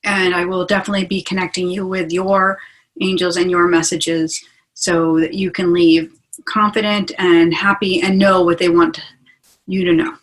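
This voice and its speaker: A woman's voice: lowish voice, little pitch movement, moderate pace, rough recording. A woman hosting a webinar as a spiritual teacher, talking in a chatty, enthusiastic way over a video call. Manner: chatty and enthusiastic, asks listeners along. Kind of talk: casual teaching talk.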